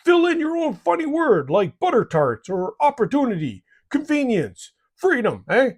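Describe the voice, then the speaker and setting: A man hosting a hobby channel talks through tips in a folksy, joking way, his pitch rising and falling a lot. His voice has a slightly husky, rough edge. The talk is scripted but relaxed. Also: moderate pace, few pauses. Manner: jokey and folksy, tags lines with "eh". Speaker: miniature painting channel host.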